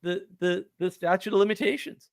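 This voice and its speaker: A man, telling a story on a live stream in an animated, indignant way. He laughs often and repeats words. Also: high-pitched, a little fast, creaky, no room sound. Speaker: podcast host.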